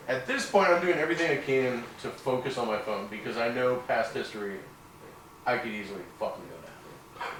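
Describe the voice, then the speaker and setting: A man co-hosting a casual podcast, telling a crude story with swearing and laughter. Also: on the high side. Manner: animated, swearing, laughing while talking. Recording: roomy distant mic with background noise.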